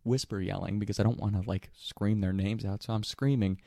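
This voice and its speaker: A young man casually telling a rowdy anecdote, animated and laughing, with plenty of swearing. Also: fairly low pitch, brisk, vocal fry, no room sound, clean studio sound. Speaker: storyteller.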